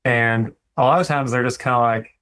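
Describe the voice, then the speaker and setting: A relaxed man in his thirties, speaking as a dentist guest on a podcast. His voice sits at a middle pitch, and he talks in an easygoing, reflective way, now and then acting out what he tells his staff. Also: a little fast, clean tone. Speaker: dentist and practice owner. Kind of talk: casual interview talk.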